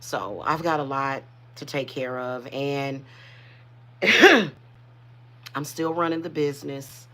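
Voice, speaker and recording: A woman's voice: very deep voice, takes it slowly, pauses often, sharp tone. A woman who hosts a spiritual reading channel, speaking in casual, emotional livestream chat with many restarts. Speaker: spiritual reader and channel host.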